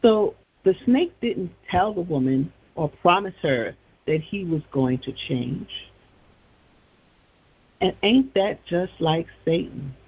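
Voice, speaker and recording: A man hosts a faith-based talk show, speaking slowly with a gravelly rasp. He tells stories in a conversational way, breaking off for frequent asides. The audio is dull, lo-fi and dry. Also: high-pitched, expressive. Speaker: host. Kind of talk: gospel talk show monologue.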